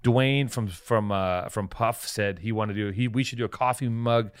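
A man co-hosting a podcast in casual chat, excitable and profane, laughing often. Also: lowish voice, moderate pace, clean tone. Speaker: podcast co-host.

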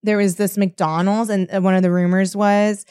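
An excitable woman co-hosting a podcast, laughing and swearing as she chats. Her voice is mid-pitched and recorded dry and close. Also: moderate pace, clean tone, dry recording. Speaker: podcast co-host. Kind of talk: casual chat.

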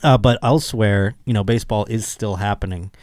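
A man's voice: fairly low pitch, brisk, darkish tone, dry recording, studio quality. A man hosting a podcast, telling stories in a crude, joking way and slipping into mocking voices. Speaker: podcast host. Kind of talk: casual comedic monologue.

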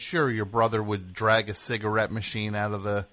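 A man's voice: fairly low pitch, level tone, moderate pace, sharp tone. A man from New Jersey hosting a call-in radio talk show, riffing in a sarcastic, ranting comic way.

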